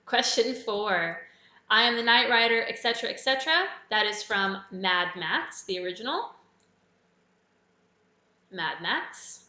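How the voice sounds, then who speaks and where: Bright-voiced woman hosting a quiz. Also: medium pitch. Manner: chatty, explains answers with personal asides. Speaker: quiz host. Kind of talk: casual live quiz answer run-through. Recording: echoey room.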